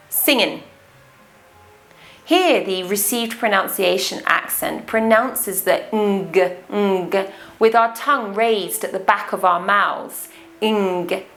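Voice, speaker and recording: Slow, careful RP English woman teacher. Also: mid-range voice, pushed and bright. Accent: English received pronunciation. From England. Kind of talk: accent lesson.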